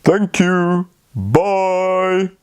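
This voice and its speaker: A man telling a fairy tale to children, speaking slowly and talking to them directly. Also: high voice, slight background noise. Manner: slow, lively, talks to the children. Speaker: storyteller. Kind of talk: children's storytelling.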